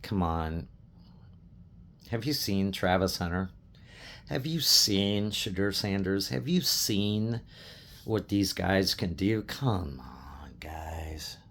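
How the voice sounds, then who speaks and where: A man's voice: low voice, takes it slowly, a bit bright, slight background noise. A middle-aged man from Colorado, a sports fan, talking passionately to camera in an emotional rant, repeating himself, swearing, and getting choked up. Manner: impassioned, repetitive, swearing, restarts.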